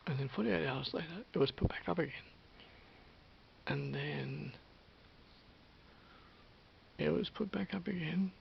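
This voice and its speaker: A man with an Australian accent telling a story to camera in a casual vlog, animated, swearing freely and dropping into whispers. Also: fairly high pitch, unhurried, long pauses. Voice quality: gravelly. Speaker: vlogger. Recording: dull lo-fi with faint hiss.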